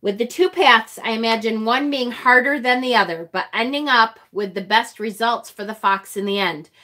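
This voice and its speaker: Bright, slow-talking woman tarot streamer. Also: a little high. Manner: gushing and excitable, reads viewer chat aloud. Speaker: tarot reader and live-stream host. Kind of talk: casual live-stream chat.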